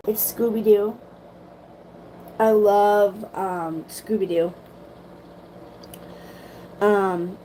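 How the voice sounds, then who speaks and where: A young woman, telling a story to her livestream viewers in an animated way, swearing casually and saying "like" a lot. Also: medium pitch, a little hiss or hum, poor audio. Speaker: livestream host.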